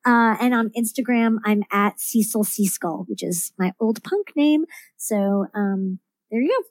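A woman's voice: medium pitch, expressive, unhurried, dry recording. A woman talking as a podcast guest about her writing, rambling with lots of fillers and restarts. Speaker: guest, comics writer. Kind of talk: casual podcast interview.

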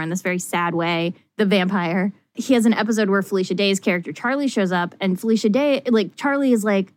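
A woman chatting casually on a podcast, excited and laughing often, her voice climbing high as she gets worked up. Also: a little fast, hardly any pauses, dry recording. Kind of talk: casual chat.

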